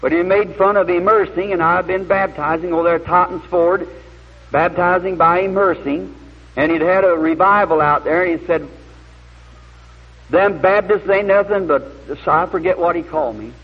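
A man's voice: sits high, fairly even intonation, fairly quick, husky. A man preaching a sermon, telling a story in a folksy, plain-spoken way and building to earnest emphasis. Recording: muffled lo-fi old recording.

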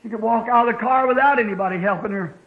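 Fervent high-voiced preacher, old lo-fi tape. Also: male voice, quick pace. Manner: fervent, rising to shouts in stories. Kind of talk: sermon.

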